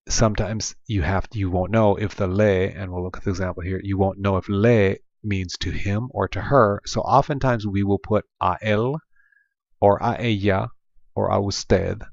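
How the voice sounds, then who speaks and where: This is a dull lo-fi voice-over with no room sound: a Spanish teacher from Oklahoma, United States, with a matching accent, patiently walks through a slide-based classroom lesson, frequently umming and restarting. His voice is on the low side and gravelly.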